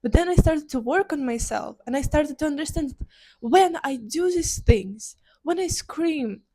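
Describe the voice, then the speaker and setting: A woman vlogger talking earnestly and from the heart in a personal reflective monologue, pausing and restarting as she goes. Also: sits high, expressive, warm tone.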